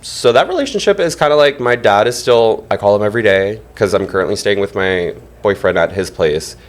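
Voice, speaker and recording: A man's voice: on the low side, expressive, a little fast. A man on a podcast as a guest, chatting casually and animatedly, with lots of fillers and frequent laughter. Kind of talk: casual chat.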